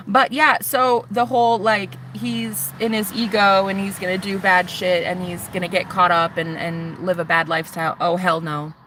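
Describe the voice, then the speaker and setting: A woman's voice: medium pitch, level tone, normal speed, few pauses, background noise. A woman vlogging in a casual confessional chat, rambling and chatty with lots of fillers. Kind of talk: casual confessional vlog talk.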